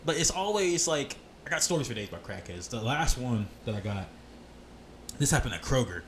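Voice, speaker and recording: A young man co-hosting a podcast, telling animated street stories in casual chat, swearing freely. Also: medium pitch, brisk, a little hiss or hum. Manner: animated, swearing, laughs at his own stories. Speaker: podcast co-host.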